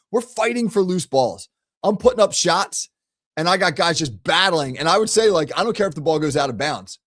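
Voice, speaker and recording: Blunt, emphatic middle-aged man coach. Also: a little high. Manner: blunt, emphatic, repeats key phrases, self-correcting restarts. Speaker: coach and show host. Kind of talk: energetic coaching talk to camera.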